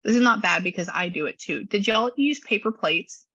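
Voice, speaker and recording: A woman psychic giving a casual reading, chatty and quick to act out what people say in lively voices. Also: medium pitch, husky, no echo. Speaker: psychic medium and astrology reader. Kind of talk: casual one-on-one reading session. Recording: dull lo-fi sound.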